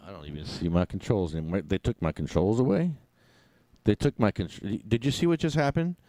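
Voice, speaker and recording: Man, low and mellow, casual home live-streamer, rambling, jokey, dry close sound. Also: a little fast, no echo. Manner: rambling, joking, talks to himself. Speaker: meeting attendee on live stream.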